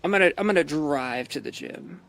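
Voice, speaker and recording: A man's voice: on the high side, animated, brisk, gravelly, fairly bright tone. A man streaming a role-play game, rambling out of character in casual, profane chat and laughing often. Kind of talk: out-of-character gameplay commentary.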